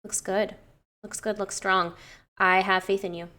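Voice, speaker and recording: A young woman personal trainer casually reviewing clients' lifting technique, chatty and given to swearing and gushing excitement. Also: mid-range voice, a little slow.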